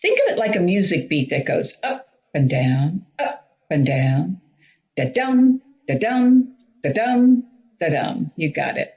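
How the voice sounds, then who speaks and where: A woman's voice: low voice, very animated, unhurried, dull audio. A woman teaching drama, explaining Shakespeare performance step by step in an instructional talk.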